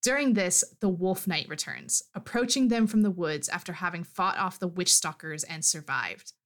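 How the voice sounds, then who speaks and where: A woman's voice: on the low side, moderate pace, fairly bright tone. A woman co-hosting a podcast, animatedly recapping a fantasy story in casual chat. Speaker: podcast co-host.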